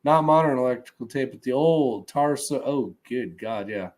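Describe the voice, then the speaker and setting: Male livestream host, relaxed and rambling, mid pitch, casual chat delivery. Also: normal speed.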